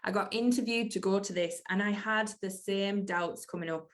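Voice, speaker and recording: A woman's voice: medium pitch, normal speed, hardly any pauses. A woman hosting her own podcast, speaking in an earnest, emphatic motivational monologue and repeating key phrases for weight. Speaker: podcast host.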